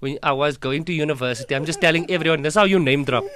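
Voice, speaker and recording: A man's voice: fairly high pitch, racing, a bit bright. A young South African man with a South African accent, telling comic stories and laughing often as he acts out voices. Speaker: comedian guest. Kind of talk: animated comic storytelling.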